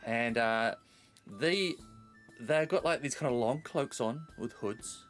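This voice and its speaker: A man's voice: medium pitch, slow pace, a bit bright, faint music behind. A man narrating as game master of a tabletop game, rambling through his descriptions. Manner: rambling, with many fillers and restarts.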